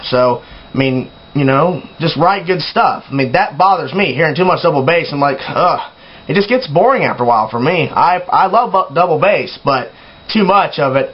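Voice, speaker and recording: A young man hosting a casual opinion vlog, talking in an animated, exasperated way with sighs and mock yells. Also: medium pitch, highs cut off. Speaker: metal video blogger.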